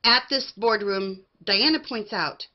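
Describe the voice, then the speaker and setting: A woman with a mid-pitched voice recaps reality TV in a sassy, mocking tone. She acts out other people's lines as she talks. The recording sounds slightly dull and lo-fi. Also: unhurried. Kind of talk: casual opinionated recap.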